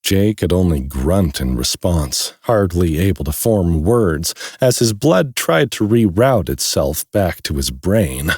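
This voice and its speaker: Brief: low, husky man narrating a fantasy audiobook, animated delivery. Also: slow, hardly any pauses, no echo, studio quality. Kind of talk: scripted narration.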